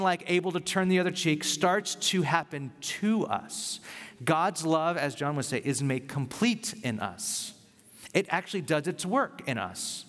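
A male pastor giving a sermon, conversational and animated as he tells a personal story. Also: mid-range voice. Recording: long reverb of a large hall.

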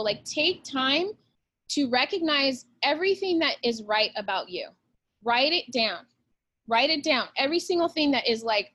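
Woman guest, swears a lot, straight-talking pep talk, voice sits a bit high. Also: animated, fairly bright tone. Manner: blunt and profane, fast-flowing pep talk. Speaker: real estate agent, guest. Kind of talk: casual podcast interview.

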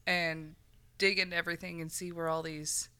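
Easygoing woman with a bright voice. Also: fairly low pitch, flat delivery, normal speed, smooth. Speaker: guest co-host. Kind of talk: casual chat.

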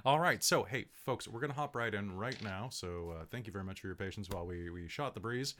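A man's voice: fairly low pitch, a little fast, a bit bright, slight background noise. A man serving as game master, chatting casually and joking, with lots of fillers before the tabletop game starts. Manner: joking, rambling with many fillers.

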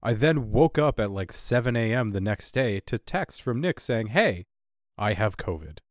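A man's voice: medium pitch, lively intonation, moderate pace, no room sound, studio quality. A man co-hosting a casual podcast chat, joking and telling stories. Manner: joking, storytelling. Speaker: podcast co-host.

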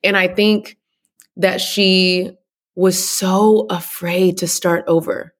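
A woman from Texas speaking as a podcast guest, an animated, expressive storyteller. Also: fairly low pitch, slow, slightly rough. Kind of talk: casual interview chat.

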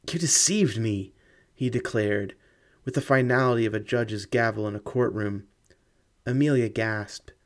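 A man giving measured, dramatic scripted narration of a ghost story audiobook. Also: on the low side.

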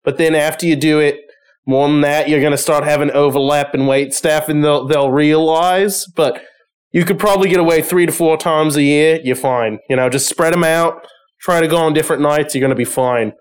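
A cheeky, mischievous young son, as a man puts him on, breezy and teasing. The voice sits a bit high for a man. He talks like he is letting you in on a clever trick. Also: steady tone, moderate pace, clean tone, close to an everyday voice. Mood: conspiratorial. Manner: breezy, teasing, confidently advising.

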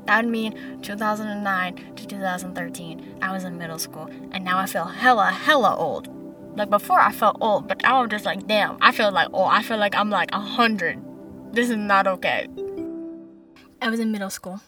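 A woman's voice: medium pitch, moderate pace, distant mic, over music. A woman in her twenties telling comic stories and trying out stand-up bits in a chatty, slangy way. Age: 20s. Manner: chatty, animated, full of "like" and slang. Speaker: comedic vlogger. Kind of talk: comedic storytelling and practice stand-up.

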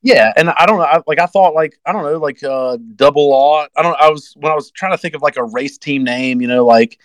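A man's voice: brisk, a bit bright, no echo, rough recording. Rambling young man telling a story. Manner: rambling, acts out quotes with sudden high-pitched outbursts. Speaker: guest race driver. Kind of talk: casual podcast storytelling.

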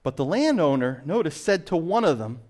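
A man preaching a sermon as pastor, swinging between loud emphasis and hushed asides. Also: on the high side, very animated, moderate pace.

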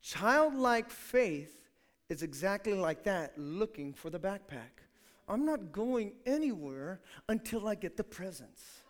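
A male pastor preaching a lively sermon, acting out quotes and swinging from hushed asides to shouted calls. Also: sits high, slow pace.

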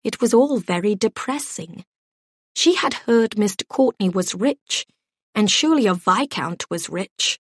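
Woman, audiobook narration, slow unhurried delivery, measured storytelling, dry close sound. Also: medium pitch, lively intonation, husky, no echo.

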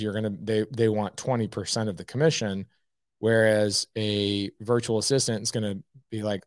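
A man's voice: fairly low pitch, no echo, studio quality. A man hosting a live stream, giving blunt, emphatic coaching advice and saying "okay" often. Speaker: host.

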